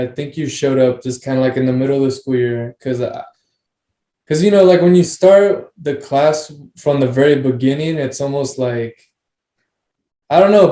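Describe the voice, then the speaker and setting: A man's voice: mid-range voice, a little fast, mellow, reverberant. Rambling man hosting a podcast. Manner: loose, rambling, swears casually. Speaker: podcast host. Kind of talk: casual podcast chat.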